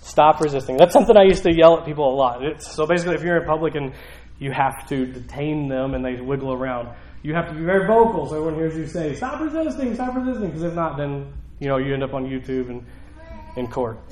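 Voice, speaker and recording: A middle-aged male pastor giving a conversational sermon, swinging from hushed asides to raised, emphatic exclamations. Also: on the high side, fast talker, reverberant, rough recording.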